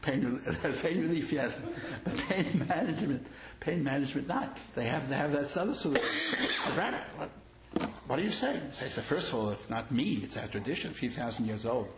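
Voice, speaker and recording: Speaking quickly and animatedly with barely a pause, this mid-range male voice belongs to a rabbi whose lecture rests on personal anecdotes. He repeats phrases and builds emphasis, captured in an echoey room on a dull, lo-fi recording with slight noise.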